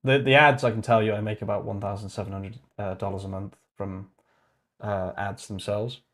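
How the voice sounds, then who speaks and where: A man's voice: fairly low pitch, steady tone, moderate pace, a bit bright. A man hosting his channel's livestream in casual chat, joking and laughing at his own jokes. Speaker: channel host.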